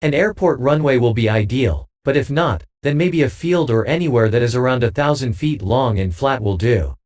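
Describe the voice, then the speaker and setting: A man's voice: medium pitch, expressive, moderate pace, darkish tone, close to an everyday voice. A man voicing an unflappable male pilot in an audiobook, wry and matter-of-fact.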